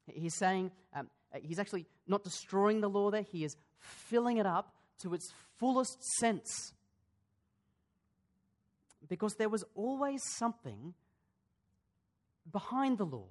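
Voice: mid-range voice, lively intonation, slow, long pauses. Conversational preacher delivering a sermon. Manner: conversational, asks the congregation questions, frequent fillers and restarts. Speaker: pastor. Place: church.

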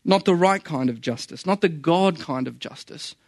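A man's voice: fairly high pitch, lively intonation, normal speed, vocal fry, no room sound, studio quality. A man preaching a sermon in an earnest, conversational way, often repeating phrases for emphasis.

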